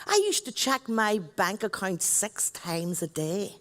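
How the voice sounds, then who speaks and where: A woman's voice: medium pitch, lively intonation, takes it slowly. A middle-aged woman with a Northern Irish accent, an MC on stage giving a chatty, joking talk and addressing the crowd. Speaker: event MC. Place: stage at a large event. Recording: long hall reverb.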